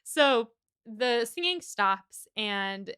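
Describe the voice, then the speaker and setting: Bright, animated young woman. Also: on the high side, smooth. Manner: animated retelling, acting out characters in quick voices. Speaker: podcast co-host. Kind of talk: casual book-club chat.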